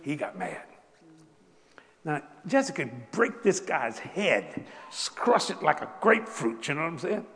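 Older Cajun preacher, animated and folksy, slightly high voice, lots of laughter, big reverberant hall. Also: male voice, a little slow. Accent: Cajun Southern US. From South Louisiana. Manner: animated, laughing, Southern drawl, rising to exclamations. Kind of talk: folksy storytelling sermon.

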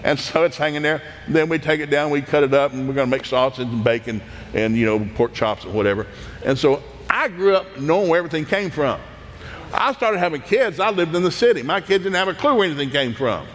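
A man's voice: a little high, a little fast, long reverb tail, slight background noise. Man telling folksy farm stories. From East Tennessee, USA. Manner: animated, laughs often, acts out voices. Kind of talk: folksy anecdotal storytelling.

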